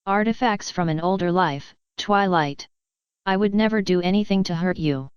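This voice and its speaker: A regal pony princess with a warrior's past, formal and commanding in a storybook tale, as a woman reader puts her on. The voice sits on the low side, very smooth and clear. The recording is dry and dull, with a lo-fi muffle. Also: normal speed, dry recording, close to an everyday voice. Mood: soothing.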